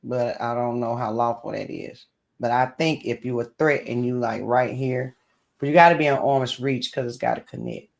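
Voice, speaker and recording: A man co-hosting a casual chat show, telling relaxed stories about his own parenting. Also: mid-range voice, moderate pace, vocal fry. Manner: relaxed, storytelling. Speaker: co-host.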